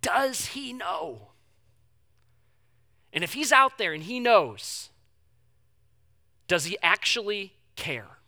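A man preaching a sermon as a pastor, telling the story in a conversational, humorous way, moving between hushed reflection and loud, pleading questions. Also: high-pitched, sing-song, takes it slowly, long pauses.

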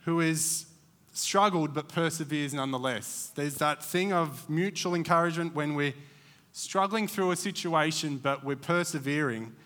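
Male preacher, bright and fairly high voice, chatty and rambling delivery, echoey church hall. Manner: conversational, digressive, many fillers. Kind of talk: church sermon.

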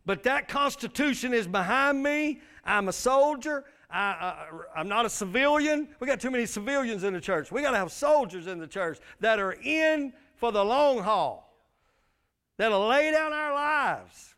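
Man, pastor, high voice, emphatic sermon, call-and-response. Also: animated, moderate pace, fairly bright tone, clean tone.

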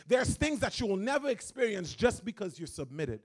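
High-voiced young Haitian man preaching. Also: very animated, moderate pace, hardly any pauses. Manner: repetitive, emphatic preaching. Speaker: guest pastor. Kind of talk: sermon. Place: church.

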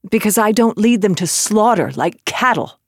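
Blunt woman general, husky and lowish, dry close recording, audiobook drama. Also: expressive, normal speed, no echo. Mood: earnest.

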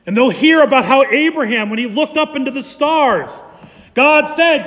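A man preaching a sermon as pastor, animated and emphatic. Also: extremely high pitch, moderate pace, long reverb tail.

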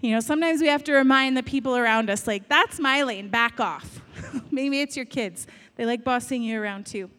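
A woman's voice: on the high side, brisk, in a large hall. A woman giving a conversational sermon, telling stories and asking many rhetorical questions. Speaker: speaker giving a talk on faith.

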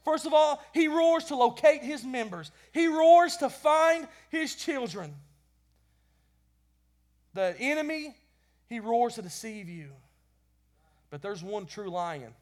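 A man preaching a sermon with passion, swinging between loud bursts and quiet lines, often repeating words as he goes. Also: extremely high pitch, animated, slow, pauses often. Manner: impassioned, rising and falling in loudness; repeats words when stumbling.

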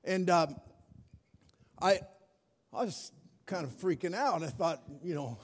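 A middle-aged man preaching a sermon as pastor, telling a story in a lively, animated way. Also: high voice, unhurried. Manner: storytelling, animated, acts out his own panic. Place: large church hall. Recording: long hall reverb.

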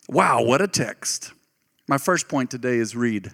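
A man preaching a sermon, telling a personal story with animated, folksy delivery and sudden jumps in pitch. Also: unhurried, creaky. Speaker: pastor. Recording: reverberant hall.

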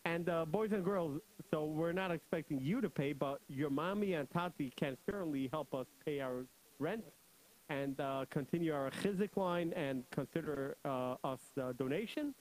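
A young man hosting a children's radio show, joking, laughing often and telling stories in an animated way. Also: a little high, moderate pace, poor audio. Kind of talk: playful storytelling for kids.

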